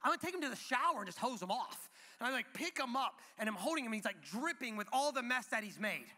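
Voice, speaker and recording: A man in his thirties preaching a sermon in a church, telling a playful family story in an animated way. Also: extremely high pitch, fast, big-room sound. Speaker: pastor. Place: church auditorium.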